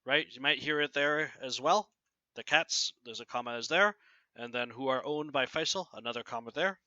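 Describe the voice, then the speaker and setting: A man teaching a grammar lesson, often asking "right?" and reading example sentences aloud with clear pauses. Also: medium pitch, bright, forceful tone, no room sound, muffled recording. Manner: keeps asking "right?" to check understanding. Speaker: English teacher.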